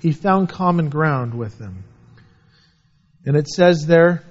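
A man's voice: a little high, lively intonation, slow, highs cut off. A man preaching a sermon, earnestly reading scripture aloud and explaining it. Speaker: pastor.

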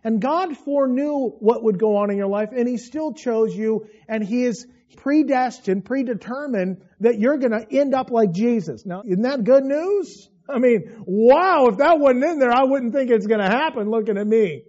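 Man, pastor, sermon, emphatic, high voice, dark warm tone. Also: lively intonation, moderate pace, hardly any pauses, muffled recording. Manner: emphatic, rising to loud bursts.

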